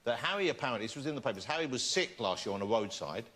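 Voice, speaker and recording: Lively, teasing male interviewer. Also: mid-range voice, very fast. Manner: teasing, laughing. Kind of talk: playful interview questions. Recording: loud crowd and noise.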